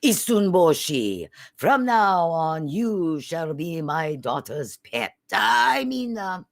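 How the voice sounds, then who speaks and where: Woman voicing a stately older shogun, low voice, slow formal delivery, dry. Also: very animated, creaky, no room sound, heavily acted.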